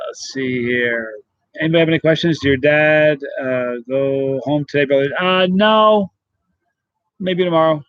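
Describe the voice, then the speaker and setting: A man's voice: on the high side, dry recording, lo-fi sound. Chatty man greeting live-stream viewers. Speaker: channel host reading live chat. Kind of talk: casual live-stream chat.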